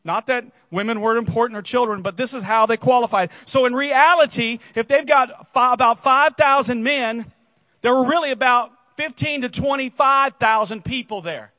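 A man with a very high voice preaches a casual sermon, retelling the story in an animated way and often restarting his sentences. The recording sounds dull and dry, with no room around it. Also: moderate pace, dry recording. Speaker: pastor.

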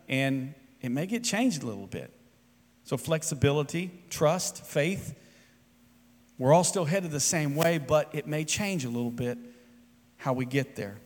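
A man preaching a sermon with a fairly high voice, carried by a long hall reverb. He rises to loud, emphatic peaks and then drops to quiet, soft asides. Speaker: pastor.

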